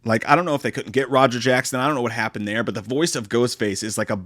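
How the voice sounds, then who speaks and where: A man's voice: mid-range voice, fast talker, fairly bright tone, no room sound, clean studio sound. A man ranting through a TV series review, exasperated and sarcastic, swearing constantly. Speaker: movie reviewer. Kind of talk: profane comedic review rant.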